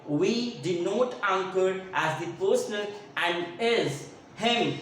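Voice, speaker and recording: Echoey woman teaching grammar. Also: medium pitch. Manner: repeats key words, checks understanding often. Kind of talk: online grammar lesson. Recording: echoey room, distant mic, faint noise.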